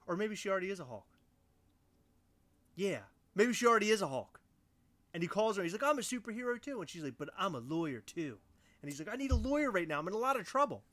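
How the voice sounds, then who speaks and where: A man's voice: sits high, a bit bright. A young man co-hosting a casual podcast chat, ranting with mock outrage. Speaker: podcast co-host.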